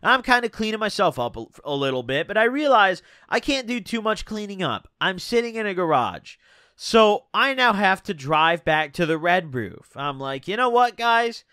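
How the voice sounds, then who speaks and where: A man's voice: sits high, big pitch swings, moderate pace, bright, forceful tone, smooth, dry recording, clean studio sound. A man telling a personal story for a vlog in a casual, profane way, scattering "bro" and "dude" through it. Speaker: vlogger.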